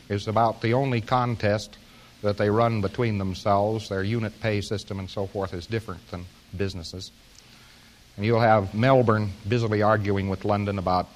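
Wry American man lecturing. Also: on the low side. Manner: wry, joking, rambling delivery. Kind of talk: informal lecture to an audience.

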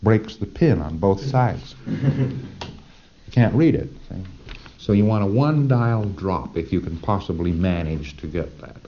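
Male lecturer, very low voice, emphatic and chatty, lo-fi vintage recording. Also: lively intonation, unhurried. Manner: conversational, emphatic, asks listeners "see?".

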